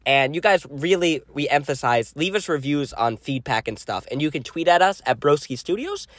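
A man co-hosting a podcast in casual chat, telling stories in an animated way and laughing often. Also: on the high side, moderate pace, no echo. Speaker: podcast co-host.

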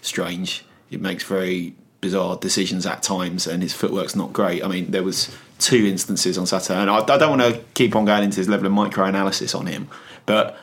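Deep-voiced man, dry football analysis. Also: fairly even intonation, brisk, few pauses, a bit bright. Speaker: podcast co-host. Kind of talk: casual football chat.

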